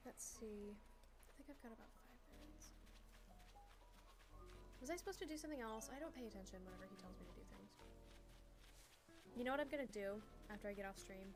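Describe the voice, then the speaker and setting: A woman's voice: medium pitch, lively intonation, fast, over music. A woman streamer chatting casually from a small room at home, giggly and rambling, with many fillers. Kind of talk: casual livestream chat.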